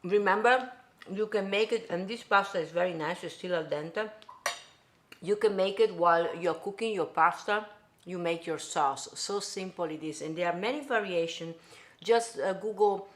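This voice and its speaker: With a lowish voice and a fairly bright tone, this woman from Italy hosts a live-streamed cooking show at home. She chats in loose, Italian-accented English and welcomes viewers by name.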